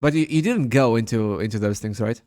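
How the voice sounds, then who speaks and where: A young man chatting on a voice call late at night, halting and stammering, often apologizing. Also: fairly low pitch, a little mellow, dry recording, studio quality. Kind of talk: casual chat. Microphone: desk mic with noise suppression on voice call.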